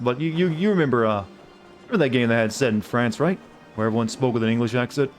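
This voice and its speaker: An American man streaming a game, chatting loosely over faint game music in a voice of middling pitch. His talk wanders between sarcastic gripes and idle asides. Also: quick pace. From United States. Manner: rambling, sarcastic, griping asides. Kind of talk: casual gameplay commentary.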